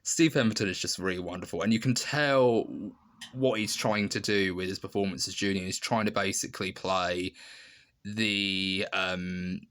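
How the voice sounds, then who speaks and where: Guy rambling thru a review, lowish voice but bright and edgy, tons of ums and restarts. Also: steady tone, normal speed. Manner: rambling, many ums and restarts, laughing asides. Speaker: film reviewer. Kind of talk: casual spoken review.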